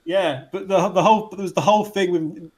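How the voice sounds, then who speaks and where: Man, podcast co-host, rambly, a touch high. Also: fairly even intonation, a little fast, a crowd in the background. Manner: rambling, frequent restarts and laughs. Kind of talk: casual chat reviewing wrestling.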